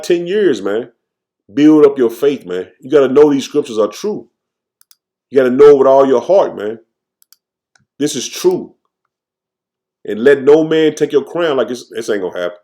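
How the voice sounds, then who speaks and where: A man teaching scripture informally, tagging nearly every phrase with "man" and reading verses slowly with restarts. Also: medium pitch, dark tone. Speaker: preacher.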